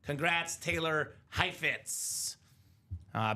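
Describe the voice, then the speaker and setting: Hosting a live card break, a man whose voice sits on the high side speaks slowly, expressively and with a sharp tone. He bantered in a chatty, enthusiastic way about football players and hits.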